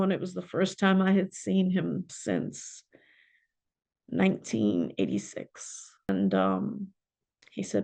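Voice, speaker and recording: A middle-aged woman, a podcast guest and spiritual mentor, telling a personal story in an emotional, halting way. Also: on the low side, very animated, gravelly, dark tone. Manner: emotional, halting, with pauses and fillers.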